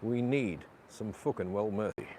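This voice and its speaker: Speaking unhurriedly in a lowish voice, a vlogger streams live from the seaside as he tries to sort out his camera gimbal. He keeps swearing at the gear in frustration while apologizing to viewers, against outdoor noise and passing traffic.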